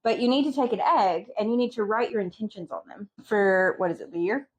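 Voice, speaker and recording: A woman's voice: mid-range voice, brisk, slightly rough. Wisecracking young woman explaining crafts. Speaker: co-host. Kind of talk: casual chat.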